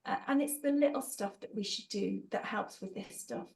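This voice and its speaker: A woman's voice: medium pitch, moderate pace, gravelly, a little mellow, low-quality recording. A woman running a live online training session, upbeat and encouraging, calling out participants by name over a video call. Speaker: workshop trainer.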